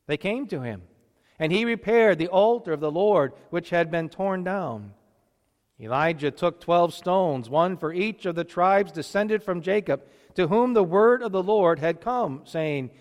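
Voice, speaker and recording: A man reading scripture and preaching in a church, steady and deliberate, with measured pauses. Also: sits high, in a large hall.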